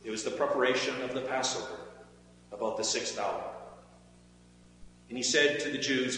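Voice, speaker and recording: A man's voice: medium pitch, normal speed, pauses often, sharp tone. Man reading scripture in an echoing church. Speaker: scripture reader. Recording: echoey hall with faint hum.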